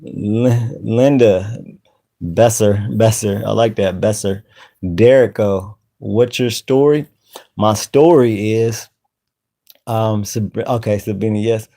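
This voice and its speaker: A man hosting a casual live stream, greeting viewers by name in relaxed slang. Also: fairly low pitch, slow pace. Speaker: channel host.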